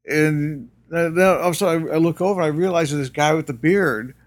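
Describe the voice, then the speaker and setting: A man's voice: fairly high pitch, fast talker. An older man telling anecdotes in an interview, rambling with many fillers and restarts and laughing often. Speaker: interview guest. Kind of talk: casual storytelling.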